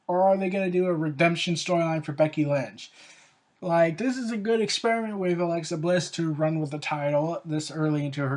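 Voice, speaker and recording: A show host talking through a review in a loose, rambling way, peppering sentences with "like". The delivery is opinionated and slides into sarcastic rants, with a voice that sits at an ordinary middle pitch. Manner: rambling and opinionated, with frequent "like" fillers; ranting, with sarcastic asides. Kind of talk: casual spoken review.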